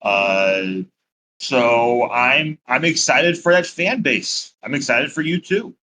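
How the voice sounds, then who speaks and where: Man, podcast co-host, enthusiastic, stumbling repeats, slow, bright tone. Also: medium pitch, lively intonation, rough recording. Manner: hesitant, repeats words, enthusiastic. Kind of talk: casual chat.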